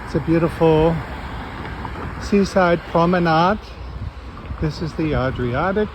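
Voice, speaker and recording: A travel vlogger strolls along a seaside promenade in the city, casually thinking out loud as he films. His voice sits fairly high, with fairly even intonation and a slow pace. Street noise and passing traffic fill the background.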